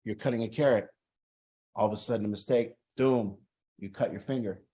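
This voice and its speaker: A man's voice: lowish voice, steady tone, fairly quick, warm tone. A man talking earnestly to a recovery group, acting out people's inner voices as he explains. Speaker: group facilitator. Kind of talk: motivational group talk.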